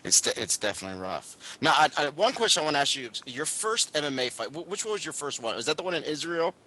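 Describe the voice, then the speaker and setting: Fast, bright-voiced male podcast host. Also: fairly high pitch, very animated. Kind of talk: casual interview.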